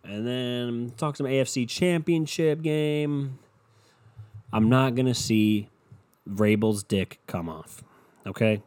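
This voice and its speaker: A young man rants alone into his podcast mic, swearing freely and wandering from topic to topic. His voice sits at an ordinary middle pitch, and he talks in a loose, worked-up, unscripted way. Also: slow, darkish tone. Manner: profane, rambling, worked-up ranting. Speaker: solo podcast host. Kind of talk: casual unscripted rant.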